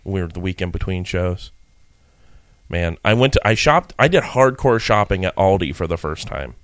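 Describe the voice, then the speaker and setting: A man's voice: low-pitched, expressive, normal speed, no room sound. A man co-hosting a podcast, telling rambling stories in casual comedic chat and laughing often. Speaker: podcast co-host.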